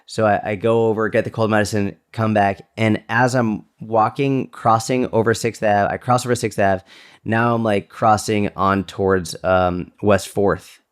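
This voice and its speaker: A man's voice: normal speed, clean tone. Casual man telling a story. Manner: animated storyteller, jumps to a high bright voice when quoting greetings. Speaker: podcast co-host. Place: New York City resident at the time.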